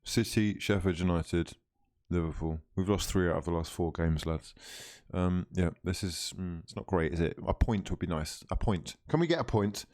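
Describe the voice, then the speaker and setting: A man's voice: low voice, normal speed, darkish tone. A young man hosting a live football watchalong, commenting on the game as he reacts to it, pleading with the players, scolding them and swearing often.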